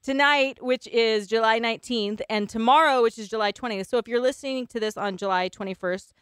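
A woman's voice: fairly high pitch, fairly quick, clean tone, no echo, clean studio sound. A woman hosting a podcast, chatting with a guest in a playful, teasing way. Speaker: podcast host. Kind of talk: casual podcast chat.

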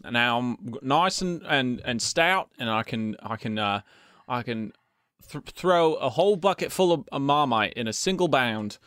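A man's voice: mid-range voice, lively intonation, moderate pace, fairly bright tone, smooth, dry recording, studio quality, lightly acted. A man doing a bumbling fake-English Spider-Man. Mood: goofy. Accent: exaggerated fake English accent. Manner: silly, bumbling, stammering. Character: hammy British male Spider-Man spoof.

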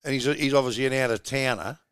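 A man's voice: medium pitch, fast, fairly bright tone, smooth, no echo, clean studio sound. A middle-aged Australian man hosting a podcast, chatting in a laid-back, rambling way and calling his co-host mate. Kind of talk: casual chat.

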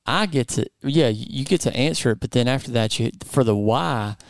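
A man hosting a casual studio chat, relaxed and playful, with lots of fillers. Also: medium pitch, normal speed, creaky, no echo. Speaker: podcast host.

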